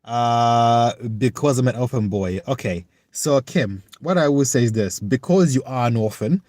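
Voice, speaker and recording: This livestreamer, a young man from the United Kingdom, responds to his viewers' comments live in a halting, earnest and reflective manner. He speaks at medium pitch, animated and darkish in tone, without room sound.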